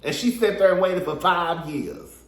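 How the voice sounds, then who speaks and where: A man giving a sassy, animated casual recap of a reality show, talking straight to his viewers. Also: high-pitched, moderate pace, reverberant. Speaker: reality TV reviewer.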